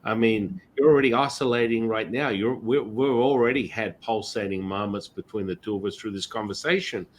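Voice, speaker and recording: A man's voice: lowish voice, brisk, hardly any pauses, a little hiss or hum. A middle-aged man hosting a spiritual podcast, telling stories in a rambling, casual way with many restarts. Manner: rambling storyteller, frequent restarts and "you know". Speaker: podcast host.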